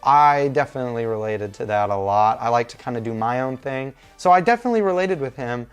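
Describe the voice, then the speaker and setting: A man's voice: medium pitch, lively intonation, fast, smooth, soft background music. A young man talking through a movie review in a casual, rambling, informal way.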